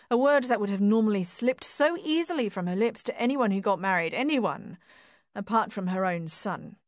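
A woman narrating a novel in a measured, gentle reading voice. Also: mid-range voice, no echo, studio quality. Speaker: audiobook narrator. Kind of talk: storybook reading.

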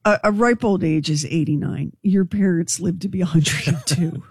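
A woman's voice: lowish voice, a little slow, darkish tone, slightly rough, no echo, studio quality. A woman co-hosting a talk radio show, cutting in with wry, teasing remarks. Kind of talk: casual talk radio banter.

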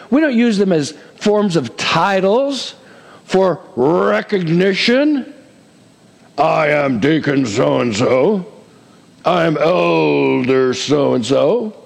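A man's voice: medium pitch, darkish tone, in a large hall. A middle-aged man preaching a sermon as pastor, chatty, with frequent "amen?" asides and playful humor. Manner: acts out quoted voices, self-deprecating humor.

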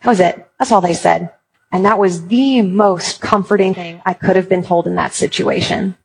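A woman's voice: on the low side, steady tone, normal speed, gravelly, a little mellow, breathy edge, poor audio. A woman giving a talk on Christian parenting, chatty and storytelling, with playful asides. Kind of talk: talk to an audience on faith and parenting.

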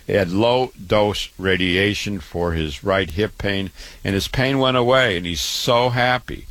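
Man, very low voice, doctor pitching his clinic, repetitive, long lists. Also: a little slow, fairly bright tone, no echo. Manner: repetitive, listing. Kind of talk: promotional health talk.

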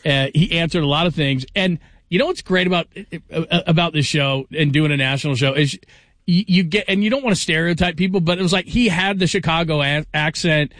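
A man's voice: on the high side, a little fast, fairly bright tone, no room sound. Enthusiastic male radio host. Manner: enthusiastic, laughing, loose delivery. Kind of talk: national talk show hosting.

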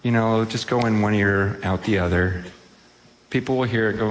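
A man's voice: on the low side, fairly even intonation, moderate pace, slight background noise. A man preaching a sermon to a congregation, impassioned, acting out quoted speech and repeating phrases. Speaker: pastor. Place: church hall with a congregation.

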